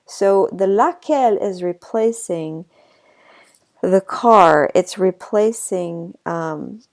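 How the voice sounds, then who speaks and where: A woman teacher explaining French grammar in a relaxed recorded lesson, with fillers, asides and a slight cough. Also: on the low side, takes it slowly, gravelly. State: a bit of a cough.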